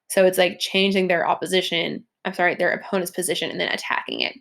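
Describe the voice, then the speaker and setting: Chatty teacher with lots of fillers. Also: female voice, lowish voice, quick pace, vocal fry, few pauses, a bit bright. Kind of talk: recorded classroom lecture over slides.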